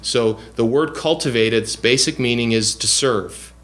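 A man of middle pitch teaches from scripture in an earnest, explanatory sermon. He stops often on fillers and restarts as he works through each point. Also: a little slow, a bit bright. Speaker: preacher.

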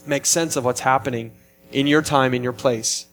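A man's voice: medium pitch, fairly even intonation, moderate pace, soft background music. A man preaching a sermon in an earnest, emphatic way, often restarting his phrases as he explains a passage. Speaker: pastor.

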